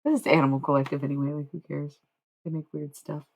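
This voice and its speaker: A woman's voice: low-pitched, steady tone, quick pace, husky. A woman livestreaming, chatting casually to her viewers in a rambling, slangy, frank way. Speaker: livestreamer and singer.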